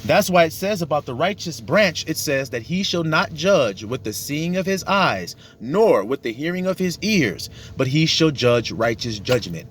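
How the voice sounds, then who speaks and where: Male street-style preacher, higher voice, animated, blunt and profane. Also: normal speed, hardly any pauses, slight background noise. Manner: emphatic and profane, acting out dialogues. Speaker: religious teacher. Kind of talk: casual sermon.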